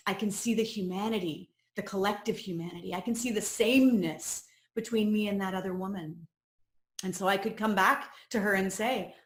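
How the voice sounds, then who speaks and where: A woman's voice: mid-range voice, normal speed. A woman coach leading a personal growth course, sharing her own story in an earnest, reflective teaching talk. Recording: roomy echo.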